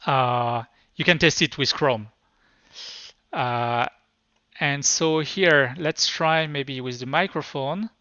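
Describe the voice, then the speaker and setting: A man with a French accent, a native French speaker, giving a live tech demo at a conference in a halting way with many restarts. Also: mid-range voice, sharp tone, smooth, dry recording. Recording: dull lo-fi sound.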